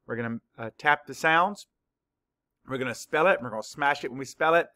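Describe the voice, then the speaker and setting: A man teaching a spelling lesson to young children, dictating words slowly and clearly, sound by sound. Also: mid-range voice, bright, forceful tone. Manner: slow, clear word-by-word dictation.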